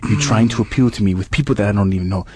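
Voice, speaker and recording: A man's voice: lowish voice, rapid-fire, a little mellow, a little hiss or hum, natural voice. A man playing a stiff, indignant focus-group member who is easily offended, in a sketch comedy.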